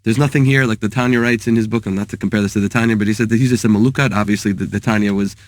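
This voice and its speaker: A man, a therapist and author, talking in a thoughtful, halting way and mixing in Hebrew terms. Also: lowish voice, fairly even intonation, no room sound, studio quality. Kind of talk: casual talk with teaching.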